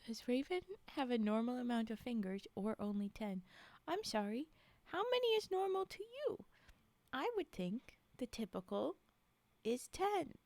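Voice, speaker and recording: A woman's voice: a little high, big pitch swings, moderate pace, darkish tone, dry recording. A young woman streamer chatting with her live chat, giggling and sleepy, reacting in exasperated disbelief. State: yawning, sleepy. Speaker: streamer reading stories to chat.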